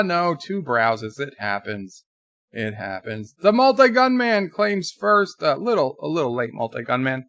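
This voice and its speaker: A man's voice: mid-range voice, gravelly, fairly bright tone, no echo, studio quality. A man hosting a livestream, reading viewer comments aloud in a chatty, exasperated way. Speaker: livestream host. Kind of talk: casual live chat reading comments.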